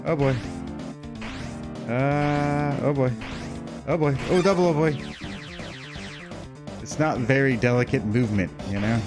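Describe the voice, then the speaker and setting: Man, game commentary, panicky and excitable, mid pitch, music playing behind. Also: unhurried, long pauses. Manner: excitable, panicky, talks to himself. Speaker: let's play host.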